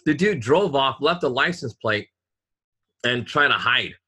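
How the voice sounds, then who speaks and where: A man's voice: medium pitch, lively intonation, measured pace, bright, forceful tone, breathy edge. A man in casual chat, telling a story in an angry, profane rant.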